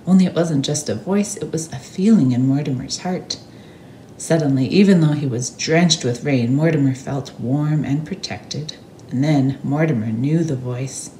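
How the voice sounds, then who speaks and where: A woman reading a picture book aloud to children at a church service, expressive and animated. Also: low voice, moderate pace, roomy sound, slight background noise. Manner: expressive, animated read-aloud with sound words.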